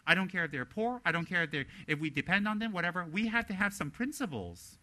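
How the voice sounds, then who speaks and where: A man giving a dharma teaching as a Buddhist teacher, animated and blunt, often slipping into mimicry of other people. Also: high-pitched, quick pace.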